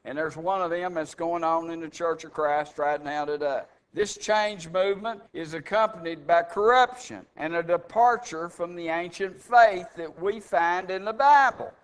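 A man preaching a sermon, emphatic and scornful, with rhetorical questions and loud stresses. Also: fairly high pitch, moderate pace, few pauses, clean tone. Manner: scornful mocking asides.

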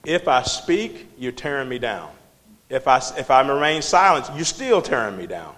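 A man's voice: medium pitch, big pitch swings, moderate pace, fairly bright tone. Male Bible study teacher, emphatic and conversational, quizzing the class, with a long hall echo. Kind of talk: preaching Bible study lesson.

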